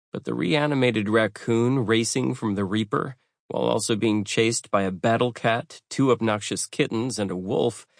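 Gravelly male audiobook narrator. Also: fairly low pitch, no room sound, clean studio sound.

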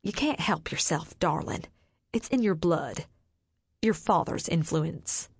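A woman voicing a stern, sharp-tongued mother who scolds her grown daughter. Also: sits low, lively intonation, takes it slowly, breathy edge, no room sound, heavily acted. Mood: scolding.

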